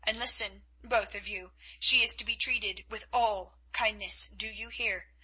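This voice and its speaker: A woman's voice: mid-range voice, steady tone, a little slow, sharp tone, breathy edge, rough recording. A woman reading the part of a cold, mocking male Spanish officer in an audiobook, speaking in a coolly commanding way.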